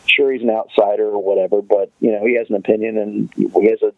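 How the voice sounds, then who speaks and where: Podcast guy rambling, low voice, sounds like over a phone. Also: little pitch movement, fast talker, gravelly, no room sound. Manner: rambling, loose, swears. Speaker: podcast host. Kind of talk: casual chat. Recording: tinny phone-like line.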